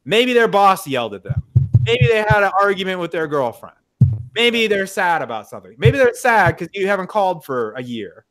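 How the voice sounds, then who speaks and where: Young male podcast guest, fairly high voice, blunt and swearing, emphatic. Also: very animated, moderate pace, fairly bright tone. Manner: frank, profane, emphatic. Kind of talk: casual conversation. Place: in the US Midwest.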